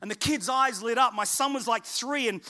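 Animated, high-voiced man preaching. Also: normal speed. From England. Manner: animated, acts out voices of people in his stories. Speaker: pastor. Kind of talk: sermon with storytelling.

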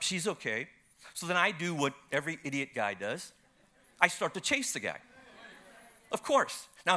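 A man preaching a sermon and telling a personal story, swinging from loud, animated retelling to hushed, tearful passages. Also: high voice. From United States.

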